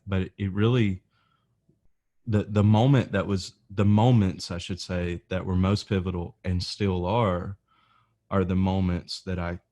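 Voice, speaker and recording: Male podcast host, very deep voice, reflective, thinking aloud. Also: darkish tone. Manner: reflective, restarts phrases while thinking. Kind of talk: casual interview talk.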